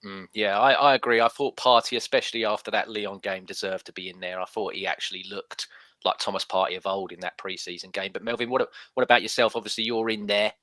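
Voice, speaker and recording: A man's voice: fairly low pitch, steady tone, fast, sharp tone, no echo. A man hosting a casual football podcast, chatty and putting questions to his guests. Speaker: podcast host.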